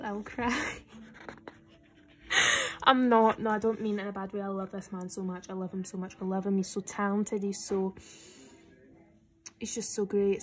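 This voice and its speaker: A young adult woman vlogger chatting casually and excitedly through an unboxing, nervous and swearing freely. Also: fairly high pitch.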